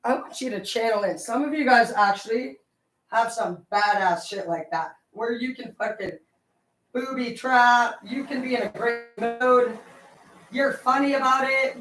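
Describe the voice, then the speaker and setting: A woman doing a casual tarot reading vlog, rambling into profane, excitable stories about pranks with her brother. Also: on the high side, measured pace, echoey room, far from the mic, faint music behind, low-quality recording. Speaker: tarot reader.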